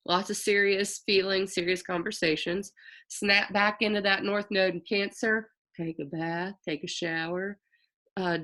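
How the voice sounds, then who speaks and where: A woman's voice: medium pitch, fairly even intonation, normal speed, fairly bright tone. A woman astrologer giving a loose, chatty forecast, often stopping to correct herself and tossing in slang. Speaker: astrologer host.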